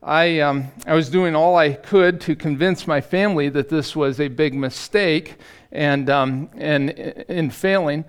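A middle-aged man preaching as a pastor in a church, halting and self-deprecating, with many fillers and restarts. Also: a little high, clean tone. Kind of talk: sermon. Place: church sanctuary.

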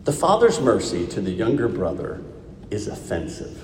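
A man's voice: lowish voice, wildly swooping pitch, normal speed, slight background noise. A man preaching a sermon, reading scripture and asking his listeners rhetorical questions. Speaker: pastor. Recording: echoey hall, speaker far from mic.

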